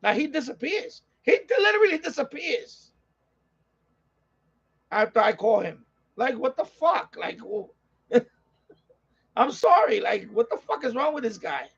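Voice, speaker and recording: High-voiced ranting New York man. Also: big pitch swings, unhurried, creaky, long pauses, husky. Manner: ranting, profane, rambling with repeats. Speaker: live stream host. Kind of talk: casual live-stream chat. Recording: slightly dull lo-fi audio.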